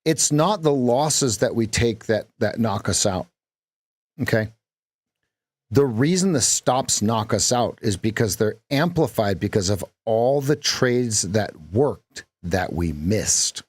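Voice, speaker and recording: A man's voice: lowish voice, expressive, takes it slowly, dry recording. A man hosting a live trading stream, talking in a casual, playful, jokey way with lots of emphasis.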